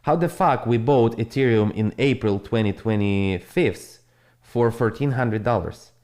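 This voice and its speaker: Blunt, profane crypto streamer. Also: male voice, medium pitch, a little slow, a little mellow. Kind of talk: casual live-stream monologue.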